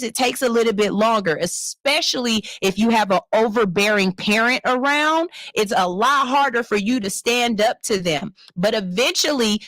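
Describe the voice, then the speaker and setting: A woman radio host, in her thirties, talking in a blunt, profane and animated way. Her voice sits a little high, and the studio sound is close and dry. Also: dry recording. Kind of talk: casual radio talk, reading and reacting to a listener letter. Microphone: studio microphone.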